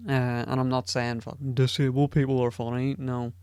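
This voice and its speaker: A man's voice: medium pitch, little pitch movement, moderate pace, a little mellow, smooth, no room sound, clean studio sound. A man hosting a podcast alone, rambling casually, swearing often and putting himself down. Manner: rambling and profane, self-deprecating. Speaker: podcast host. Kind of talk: casual solo podcast chat.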